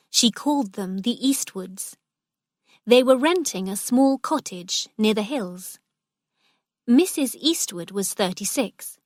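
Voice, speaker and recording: A woman narrating a story for English learners, reading clearly and carefully. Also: mid-range voice, dry recording, studio quality. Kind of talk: slow scripted story narration.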